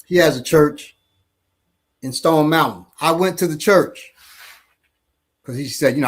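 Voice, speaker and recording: A man, a martial arts instructor, telling a story in casual talk, halting and restarting often. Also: fairly high pitch, husky. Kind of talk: casual storytelling in a panel discussion.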